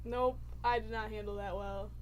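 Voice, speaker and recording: A young woman co-hosting a casual podcast, chatty and quick to chime in with a laugh. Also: medium pitch, fairly even intonation, noisy background. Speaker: podcast co-host. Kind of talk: casual chat.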